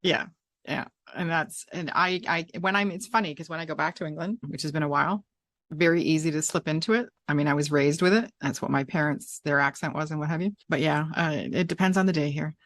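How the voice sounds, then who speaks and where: A woman's voice: sits low, fairly quick, a bit bright, no room sound, clean studio sound. A middle-aged woman hosting a podcast, chatty and rambling with a self-deprecating streak. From Canada. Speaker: podcast host. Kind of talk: casual interview chat.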